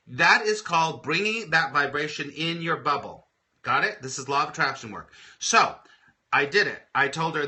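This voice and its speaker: Male spiritual coach hosting a morning show: very bright tone, expressive, repetitive phrasing. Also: a little high, normal speed. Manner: expressive storyteller who repeats phrases. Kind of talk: live motivational morning show.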